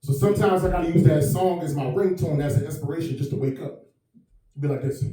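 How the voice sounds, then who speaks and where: A man's voice: on the high side, fast talker, dark tone, far from the mic. A man doing stand-up comedy at a private party, chatting and laughing with the crowd as he goes. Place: private mansion home. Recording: echoey room, mic from afar.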